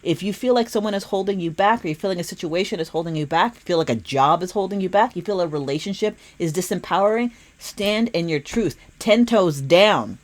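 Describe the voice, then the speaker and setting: A woman's voice: lowish voice, fast, hardly any pauses. A woman giving an earnest, emphatic spiritual tarot reading, repeating phrases for weight. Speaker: tarot reader.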